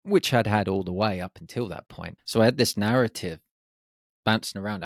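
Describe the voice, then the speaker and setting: A man in his forties from the UK, a podcast host telling a reflective personal story and acting out his nervous inner voice in hushed tones. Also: on the low side, animated, fairly quick, vocal fry, no room sound, studio quality. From United Kingdom.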